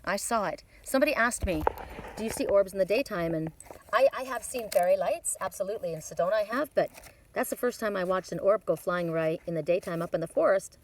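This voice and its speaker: A woman in her fifties doing a casual oracle card reading outdoors in a windy mountain forest, chatty and rambling with frequent repeats. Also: medium pitch. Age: 50s.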